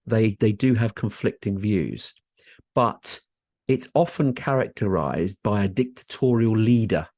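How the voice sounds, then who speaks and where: A man's voice: on the low side, a little slow, darkish tone, no room sound, studio quality. A man co-hosting a talk podcast, upbeat and chatty, laughing often. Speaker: podcast co-host. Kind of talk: casual chat.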